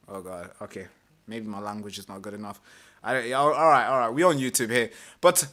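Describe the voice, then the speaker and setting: A man hosts a live stream, working through an article and breaking off to rant about it. His voice is bright and forward, and he swears freely, loops back over his own words, and now and then puts on mocking voices. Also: medium pitch, animated, a little fast. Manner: ranting, swears, repeats himself, slips into mocking voices. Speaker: political commentary host.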